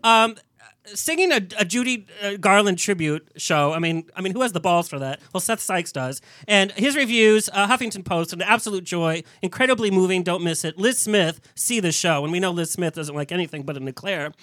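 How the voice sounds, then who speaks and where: A campy man co-hosts a talk show, full of catty jokes and giggles. His bright voice leaps around in pitch. The sound is close and dry. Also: expressive, brisk, no room sound. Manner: bitchy, giggly, joking. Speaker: co-host.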